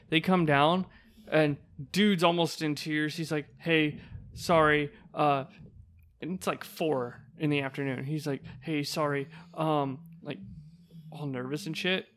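Male podcast co-host, higher voice, profane anecdotal storyteller. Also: pushed and bright. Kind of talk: casual podcast chat.

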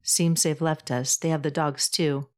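A woman voicing a warm, teasing older man who speaks slowly and gently. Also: fairly high pitch, level tone, natural voice. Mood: fond.

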